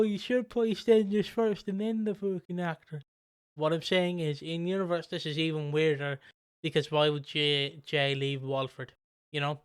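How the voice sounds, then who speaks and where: A man co-hosting a casual podcast, rambling through his points with lots of restarts and swearing. His voice sits a bit high and sounds smooth and clear. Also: no echo, studio quality. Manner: rambling, animated, swears freely. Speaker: podcast co-host.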